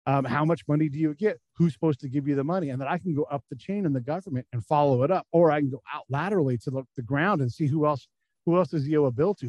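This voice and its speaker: A man's voice: fairly high pitch, darkish tone, no room sound, low-quality recording. A middle-aged man telling war stories candidly in a casual interview, swearing freely and acting out the people he quotes. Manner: candid, profane, acts out quotes in voices. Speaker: guest, former military intelligence officer.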